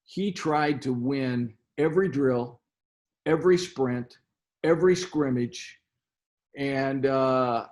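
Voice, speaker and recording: A man's voice: mid-range voice, slow pace, a little mellow. An older man, a basketball coach interviewed as a guest, telling long stories, often repeating words and restarting his sentences. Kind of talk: storytelling interview.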